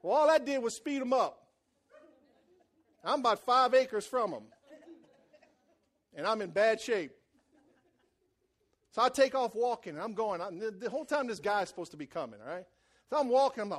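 A man preaching a sermon as a folksy personal story, loud and emphatic. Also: high-pitched, animated, normal speed, pauses often. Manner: folksy storytelling, voices quoted people.

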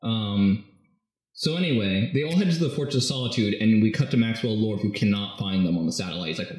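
Man, lowish voice, casual rambling recap, filler-heavy, jokey, very echoey room. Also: brisk, a little mellow. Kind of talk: casual movie script recap.

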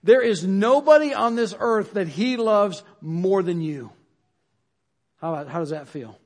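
A man with a fairly high voice delivers a sermon to his congregation. He speaks earnestly, repeats phrases for emphasis, and lets his voice sink at the close of each line. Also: expressive, a little slow, darkish tone. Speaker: pastor.

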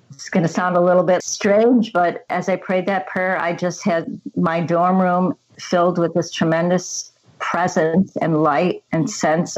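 A woman speaks in a low, steady voice that barely rises or falls. She tells her story earnestly and reflectively, like a guest recounting her own experience. The sound is a little dull, as if recorded on modest equipment. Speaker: interview guest. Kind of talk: personal faith testimony.

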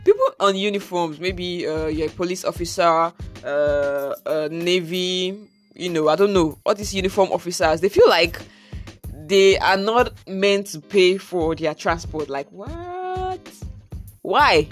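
Nigerian-accented vlogger, casual storytime, exasperated and chatty, soft music underneath. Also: medium pitch, a little slow. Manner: chatty, exasperated, mixes in pidgin slang.

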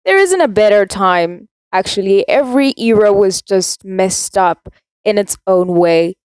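A woman's voice: mid-range voice, expressive, measured pace, darkish tone, clean tone, dry recording. Chatty teen girl from south africa, rambly podcast rant, dry close sound. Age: teens. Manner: rambling, self-contradicting, chatty. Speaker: podcast host. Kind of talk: casual solo podcast rant.

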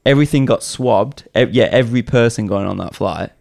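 A man's voice: mid-range voice, brisk, gravelly, a little mellow. A man on a casual beer podcast, telling a travel story in a rambling way and searching for words with frequent ums and uhs.

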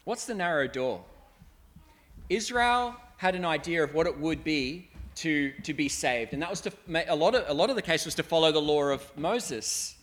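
A man, a pastor from Australia, delivers a sermon in an earnest, conversational tone. His voice sits fairly high, and he slips into little acted-out quotes to make his points. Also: animated, moderate pace, a bit bright.

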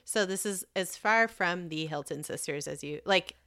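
A woman co-hosts a podcast in loose, frank chat, giggling easily and swearing now and then. Her voice sits on the low side but sounds bright. It comes across smooth and crisp. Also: normal speed. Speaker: podcast co-host. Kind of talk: casual chat.

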